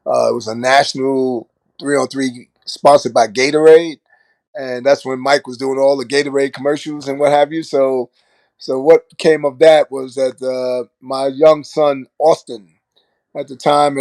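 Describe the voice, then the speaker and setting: An older man from Brooklyn, a former basketball player and coach, tells stories in a relaxed interview. He acts out the voices of the people in his stories and laughs often. His voice sits at an ordinary middle pitch and sounds close and dry, with no room echo. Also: measured pace. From Brooklyn, New York. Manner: animated storyteller who acts out quoted lines and laughs often. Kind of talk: casual interview storytelling.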